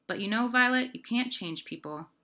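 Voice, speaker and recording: A woman's voice: a little high, expressive, moderate pace, sharp tone, voice pushed up. A woman voicing a worn-out young woman who talks to her little sister in a tired, sighing, reassuring way. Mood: weary.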